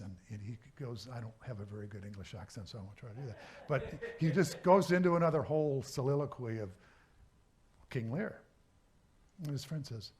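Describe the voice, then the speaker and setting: A man, a minister, giving a sermon talk in a relaxed, conversational way, pausing often and restarting his sentences. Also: medium pitch. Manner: conversational, halting, with many restarts. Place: church service.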